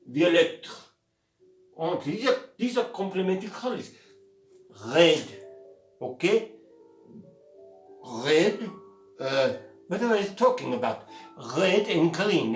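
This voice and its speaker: An older man giving a casual painting lesson, joking and making theatrical asides to his viewers. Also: high-pitched. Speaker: painting teacher. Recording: echoey room, mic at a distance, faint music.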